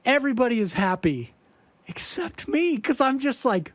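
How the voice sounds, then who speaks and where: With an extremely high pitch and a normal speed, this man is captured in a dry recording. He hosts a podcast and sings in a band, and tells a casual story animatedly, acting out quotes amid plenty of fillers.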